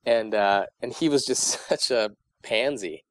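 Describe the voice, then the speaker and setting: A young man, a voice actor guest, chatting casually in an interview, playful and quick to laugh. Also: mid-range voice, no room sound. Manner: animated, laughs often, playful.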